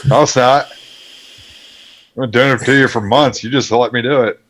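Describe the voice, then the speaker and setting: A man's voice: medium pitch, steady tone, normal speed, fairly bright tone. A man chatting on a stream, teasing the host with crude, profane jokes. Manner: crude, teasing, swears freely. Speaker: regular on the stream. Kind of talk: casual chat.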